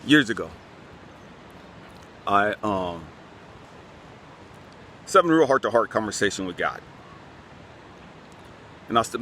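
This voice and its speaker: A man's voice: lowish voice, big pitch swings, unhurried, long pauses, bright, forceful tone, slight background noise. A man hosting his own channel, speaking earnestly in a casual heart-to-heart talk to his viewers outdoors. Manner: earnest, conversational, keeps repeating a refrain. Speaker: channel host.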